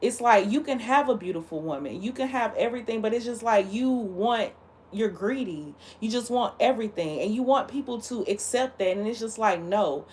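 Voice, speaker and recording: A woman's voice: fairly high pitch, expressive, normal speed, darkish tone, a little hiss or hum. A woman hosting a livestream, talking casually in a blunt, heated and emphatic way. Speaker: livestream host.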